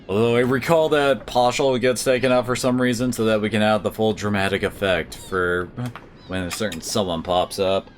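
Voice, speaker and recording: A man's voice: lowish voice, fairly even intonation, normal speed, a little hiss or hum. A man giving offhand, joking commentary while streaming a game. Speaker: gaming streamer. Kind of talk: casual let's-play commentary.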